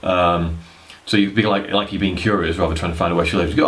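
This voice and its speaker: A young man with a deep, low voice talks straight to camera in a loose, rambling way. He is blunt and drops in a curse word here and there. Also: steady tone, fast, few pauses, a bit bright. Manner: rambling, blunt, swears casually. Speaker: dating advice vlogger. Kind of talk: casual talking-head advice.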